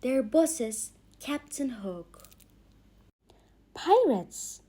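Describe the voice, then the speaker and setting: A woman reading a bedtime story aloud for English learners, clear and expressive. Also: fairly high pitch, a little slow.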